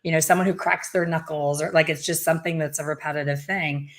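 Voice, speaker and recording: Chatty middle-aged woman, low-pitched. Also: fast talker. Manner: chatty and animated, with playful self-mocking asides. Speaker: hair color educator and host. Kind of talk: casual video chat interview.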